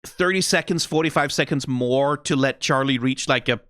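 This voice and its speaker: A man hosting a reaction video, talking through the animation in a casual, animated way, full of "like" and "right?" and the odd curse. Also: medium pitch, normal speed, dry recording, studio quality. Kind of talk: casual analytical commentary.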